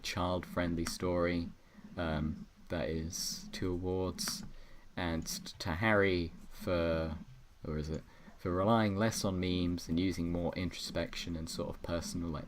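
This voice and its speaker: A man's voice: low-pitched, noisy background. A young man hosting a podcast over an online call, rambling and self-correcting as he hands out jokey awards. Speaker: podcast host presenting awards. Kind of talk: casual chat on an online call.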